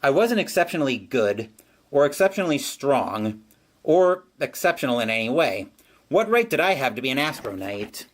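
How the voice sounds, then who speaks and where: A man's voice: medium pitch, very animated, normal speed. A man voicing a humble young male scrapper who has become a hero, speaking with earnest resolve.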